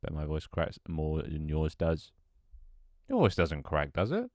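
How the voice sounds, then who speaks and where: A man with a very deep, low voice mutters and thinks aloud while he builds a game level on stream. He swears freely, banters with his chat, and his voice sometimes cracks. The sound is dry and close, with no room echo. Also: fairly even intonation, a little slow, a little mellow. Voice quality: voice cracks at times. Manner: mutters to himself, swears often, jokes with chat.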